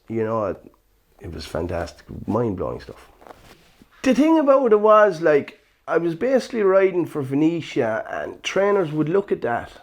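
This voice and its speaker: A man, a former jockey recalling his racing days in a relaxed interview, full of "you know" and "sure, look". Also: medium pitch. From Ireland. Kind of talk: casual reminiscing interview.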